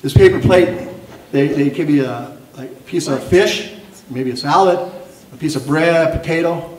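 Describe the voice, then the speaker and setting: A man's voice: a little high, moderate pace. An older man, a tribal elder speaking on a panel, giving an earnest, pleading speech to an audience and stumbling over repeated words. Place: event hall after a screening. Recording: roomy hall, voice from off the mic.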